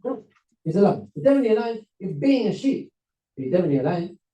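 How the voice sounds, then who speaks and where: A man with a somewhat high but very dark, mellow voice lectures to a seminar crowd, telling a story with lively acted-out voices. He sounds some distance from the mic, in a roomy, echoing hall. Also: quick pace, highs cut off. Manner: animated, acts out characters with voices and laughs. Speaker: rabbi giving a seminar talk.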